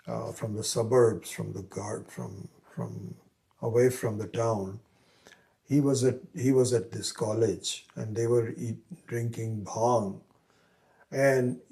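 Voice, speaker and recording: A man teaching Vedanta, telling a story in a halting way and acting out its voices. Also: mid-range voice, vocal fry, warm tone. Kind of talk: spiritual lecture with storytelling.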